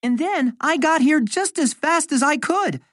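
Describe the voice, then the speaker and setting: A woman's voice: sits high, animated, measured pace, no echo, studio quality, pitched above the performer's own voice. A woman doing a flustered schoolboy. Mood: earnest. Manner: stammering, breathless storytelling. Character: flustered schoolboy telling an excuse.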